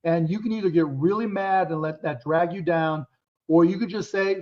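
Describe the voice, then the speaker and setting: A candid man in his fifties answers interview questions with frank, profanity-laced stories. His voice sits notably high for a man. The recording is dull and lo-fi. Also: normal speed. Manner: blunt, candid, swears freely. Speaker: guest entrepreneur. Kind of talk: casual interview storytelling. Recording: dull lo-fi sound.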